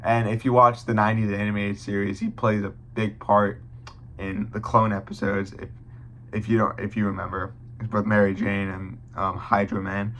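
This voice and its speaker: A young man talks through a film review in a casual, offhand way, swearing freely and stopping to restart his thoughts. His voice sits fairly low but comes across bright and forceful. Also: little pitch movement, normal speed. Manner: blunt and profane, with frequent restarts.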